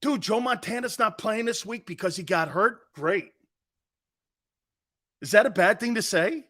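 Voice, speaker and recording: A man's voice: high voice, unhurried, pushed and bright. A man hosting a sports talk show, ranting bluntly and combatively, mocking other people's views with imitations. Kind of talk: opinionated sports radio rant.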